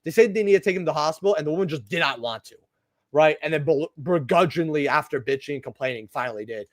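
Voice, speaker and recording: A man's voice: a little high, animated, quick pace, no echo, clean studio sound. A young man hosting a card-opening video, telling a rambling workplace story in casual chat with lots of asides and "right?" tags. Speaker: channel host opening trading cards.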